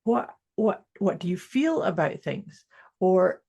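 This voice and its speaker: A New woman co-hosting a podcast in easy conversation. Her voice is husky and a little breathy, and she explains her points in a reflective, thoughtful manner. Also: lowish voice, sing-song, takes it slowly, dark tone. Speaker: podcast co-host. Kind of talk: casual chat.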